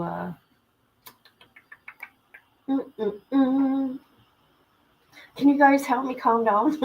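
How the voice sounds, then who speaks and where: A woman's voice: on the high side, very slow, long pauses, rough recording. A woman hosting a true-crime livestream, talking indignantly and directly to her viewers. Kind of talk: heated livestream commentary.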